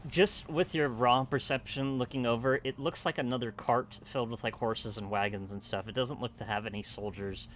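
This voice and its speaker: A man's voice: mid-range voice, fairly even intonation, normal speed, few pauses, fairly bright tone, a little hiss or hum. A man running a tabletop game as game master, narrating in a loose, rambling way with many fillers. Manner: loose and rambling, full of "uh" and "kinda like".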